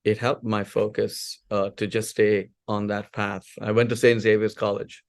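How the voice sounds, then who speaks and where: Guest voice: man in his forties from India, low and gravelly, chatty storyteller with plenty of fillers. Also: moderate pace. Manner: animated storyteller, many fillers and restarts. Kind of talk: casual interview storytelling.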